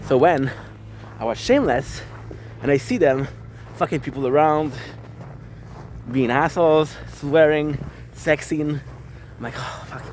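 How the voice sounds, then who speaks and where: A vlogger with a slightly mellow, higher-pitched voice talks at a measured pace to his handheld camera while skateboarding outdoors in the snow. In this casual, self-filmed monologue he rambles, swears, and reflects on himself. Faint street ambience and passing cars make up the slight background noise.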